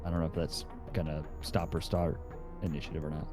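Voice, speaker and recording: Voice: extremely low pitch, level tone, brisk, music in the background. A player at a tabletop game, chatting in a rambling way about the turn order. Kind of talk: casual chat at a tabletop game.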